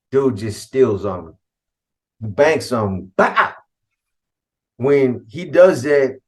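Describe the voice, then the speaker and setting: A middle-aged man from California tells a story from his past in loose, profane street slang. He acts out the other people's lines as he goes, and his voice sits in an ordinary middle pitch. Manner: street slang, cursing, quotes others in dialogue. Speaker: host telling a personal story. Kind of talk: casual storytelling.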